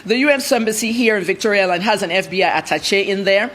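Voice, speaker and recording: A woman journalist, answering TV interview questions in a blunt, rapid, emphatic way. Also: medium pitch, fairly bright tone. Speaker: journalist guest.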